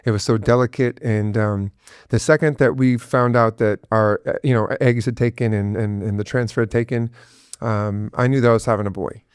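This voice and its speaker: A man's voice: fairly low pitch, steady tone, normal speed, smooth, no echo, clean studio sound. A middle-aged man, a guest father, talking earnestly and emotionally about his son, with many restarts and fillers. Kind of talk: emotional personal interview.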